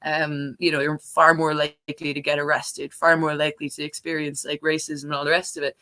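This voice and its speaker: A woman's voice: deep voice, level tone, brisk, sharp tone. A woman talking as a guest on a podcast, casual and chatty, with lots of "like" and "you know".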